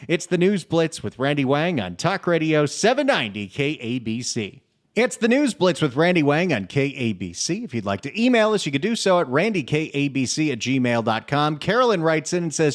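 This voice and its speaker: A man's voice: on the high side, big pitch swings, normal speed. A man hosting a radio talk show in a chatty, enthusiastic way, taking calls and reading listener emails. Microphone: studio microphone.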